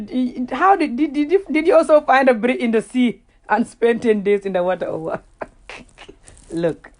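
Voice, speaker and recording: A Gambian vlogger whose first language is Wolof rants casually in a reaction video. Her voice is fairly high with a darkish tone, and she often laughs at herself and repeats words while searching for them.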